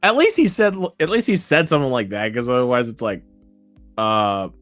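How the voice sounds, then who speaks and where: A host in casual chat who laughs often and reacts with drawn-out comments. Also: medium pitch, animated, soft background music.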